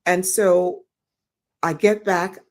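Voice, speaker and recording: An older woman telling stories as an interview guest, animated and swearing freely as she acts out the people involved. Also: fairly low pitch, slow. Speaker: guest actress. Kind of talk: storytelling in an interview.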